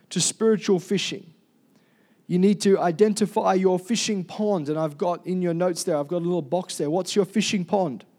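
A high-pitched man preaching in an easygoing, joking style. He keeps drawing the congregation in with calls for amen. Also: darkish tone. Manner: casual, jokey, calls for amens. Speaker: pastor. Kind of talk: sermon.

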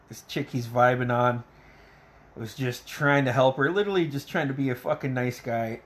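A man at an ordinary mid pitch tells a movie's story in a loose, casual way. He swears constantly, chuckles between lines, and gets worked up when he describes the fight. It plays like a relaxed podcast recap. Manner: profane, excitable play-by-play retelling; laughs often. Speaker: podcast host reviewing a film.

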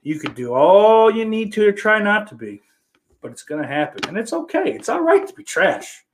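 A man hosting a casual livestream podcast, reading viewer comments aloud and cursing a lot, sarcastic, his voice swinging between loud and quiet. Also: high-pitched, wildly swooping pitch, moderate pace, slight background noise. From Irish heritage. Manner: profane, sarcastic, with big swings in loudness.

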